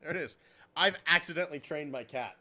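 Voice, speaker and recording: Bright-voiced, crude-joking man hosting a podcast. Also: a little high, fairly quick. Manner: crude, joking, self-deprecating. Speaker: podcast host. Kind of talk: casual podcast banter. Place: home room at a computer.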